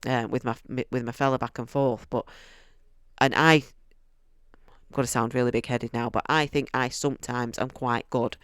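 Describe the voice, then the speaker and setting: Guy rambling happily about a book, super smooth clear voice, dry close sound. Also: mid-range voice, flat delivery, normal speed, a bit bright, dry recording. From United Kingdom. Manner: chatty and enthusiastic, restarts sentences often. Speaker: book reviewer. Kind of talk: casual book review.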